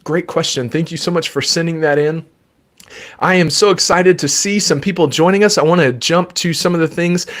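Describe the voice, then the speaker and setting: A man who is a child therapist and podcast host, giving patient, gentle advice in a live Q&A from his desk at home. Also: a little high, normal speed. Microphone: desk microphone.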